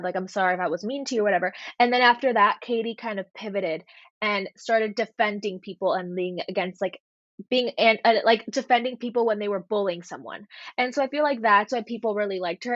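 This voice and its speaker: A young woman co-hosting a casual chat show, retelling events in a relaxed way and steering to the next topic. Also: mid-range voice, no echo, highs cut off. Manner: relaxed, storytelling, leads topic changes. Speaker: podcast co-host.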